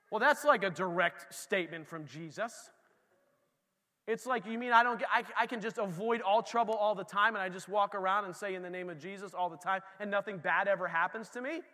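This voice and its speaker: Man, pastor, sermon, high voice, echoey church hall. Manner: lively, conversational preaching, talking straight to the congregation.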